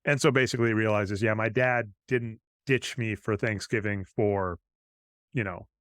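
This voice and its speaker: A man's voice: on the low side, fairly even intonation, normal speed, a bit bright, dry recording. Dry-voiced man recapping a movie. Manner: retells scenes with quoted lines, conversational. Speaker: podcast co-host. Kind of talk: casual chat recapping a film.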